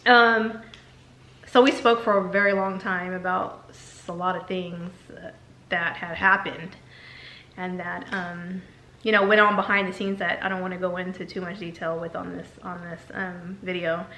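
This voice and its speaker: A woman's voice: on the low side, steady tone, normal speed, bright, forceful tone, slight background noise. A woman candidly telling a personal story in a vlog, emotional and repeating herself as she talks. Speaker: vlogger. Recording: echoey room.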